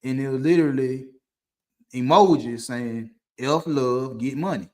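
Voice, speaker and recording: Man, mid-pitched voice, casual rambling storyteller on a home stream. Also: measured pace, warm tone. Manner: loose, conversational, with frequent restarts and laughs. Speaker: podcast host. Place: dim room indoors. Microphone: streaming setup mic.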